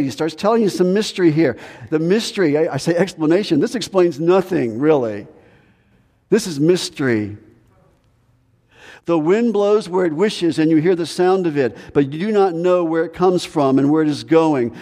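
A man preaches a sermon from the pulpit, hammering points home through repetition and drawn-out pauses. His voice is mellow and a little higher than most men's. The sound rings with the long reverb of a church sanctuary. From United States. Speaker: pastor.

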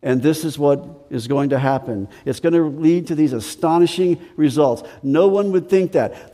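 A man preaching a sermon, deliberate and emphatic, repeating key phrases and slowing down to stress them. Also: a little high, dark tone, long reverb tail. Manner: deliberate preaching with slow emphatic stretches and repetition. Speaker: pastor.

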